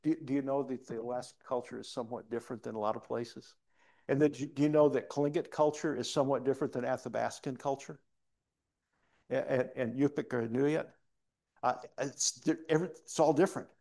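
A man's voice: medium pitch, steady tone, fairly quick, vocal fry, dark tone. A male pastor preaching a sermon in a church, telling a story earnestly with frequent restarts.

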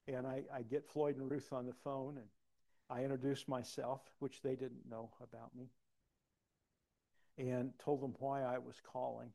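A man preaching a personal testimony, acting out dialogue and swinging from soft to loud. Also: mid-range voice, vocal fry. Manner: animated, acts out dialogue, big swings in loudness. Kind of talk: sermon storytelling.

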